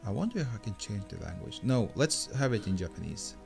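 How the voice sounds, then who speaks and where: A man giving let's play commentary, excitable, with loud exclamations and swearing as he plays. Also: fairly low pitch, brisk, creaky, faint music behind. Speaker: gameplay commentator.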